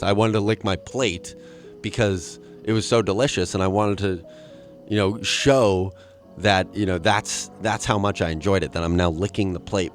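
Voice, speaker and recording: Rambling low-voiced male comic host. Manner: rambling, jokey, with crude asides; jumps into acted voices for quoted people. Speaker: podcast host. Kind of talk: solo comedic monologue.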